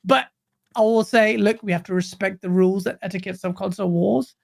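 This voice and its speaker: A gaming stream co-host ranting casually, animated, swearing and laughing often. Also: mid-range voice, fairly quick, creaky, no room sound, clean studio sound.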